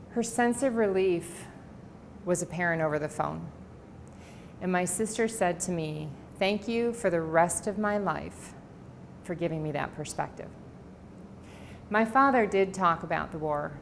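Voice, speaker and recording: In a library presentation room with slight background noise, a middle-aged woman gives an author talk in a fairly low, creaky voice. She shares family stories warmly, quoting what people said.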